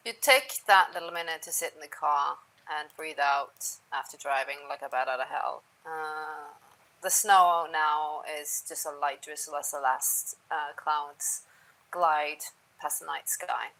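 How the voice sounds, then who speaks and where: A woman narrating a tabletop game as game master, sometimes dropping to a soft near-whisper. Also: low-pitched, measured pace, low-quality recording.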